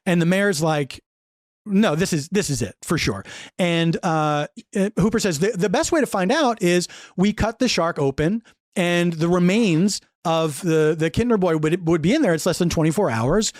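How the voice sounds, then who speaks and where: Animated man retelling a movie. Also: high voice, moderate pace, dry recording, clean studio sound. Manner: animated storytelling, acts out character lines, laughs often. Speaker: podcast guest recapping a film. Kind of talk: casual chat.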